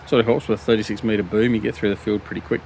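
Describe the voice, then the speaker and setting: Gravelly Australian man rambling over gameplay. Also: lowish voice, little pitch movement, rapid-fire, a little mellow, a little hiss or hum. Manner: rambling, many ums and restarts, self-mocking. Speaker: gaming channel host. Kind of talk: casual gameplay commentary.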